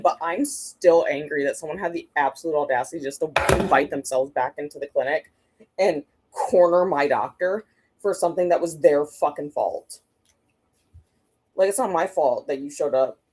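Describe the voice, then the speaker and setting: A woman's voice: low-pitched, a little mellow. A young woman hosting a reading stream, chatting casually and ranting with lots of swearing. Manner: ranting, profane, exasperated. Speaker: booktube livestream host. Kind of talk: casual chat during a reading sprint stream.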